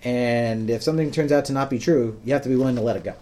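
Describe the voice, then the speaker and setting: A man's voice: mid-range voice, fast talker, dark tone. A man hosting a podcast, patiently explaining things in plain words with frequent ums. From United States. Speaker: podcast host. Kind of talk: casual explanatory podcast talk.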